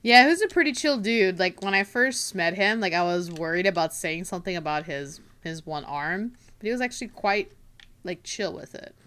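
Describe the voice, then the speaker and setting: A woman trading stories with old friends. Her voice is bright, and she talks in an animated, blunt way with a casual swear here and there. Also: fairly low pitch, normal speed, clear, resonant tone. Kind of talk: casual chat among friends.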